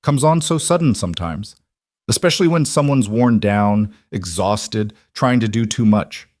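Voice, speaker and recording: A man's voice: fairly low pitch, lively intonation, moderate pace, a little mellow, no echo, clean studio sound. A man playing a smug, wealthy middle-aged bully who talks bluntly and sneers. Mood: sneering. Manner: blunt, sneering, falsely sympathetic.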